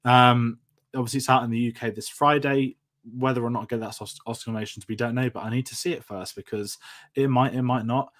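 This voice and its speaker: A man's voice: medium pitch, steady tone, fast talker, a bit bright. A man hosting a film review show, chatting casually and running through upcoming content. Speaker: film review podcast host. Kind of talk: casual chat.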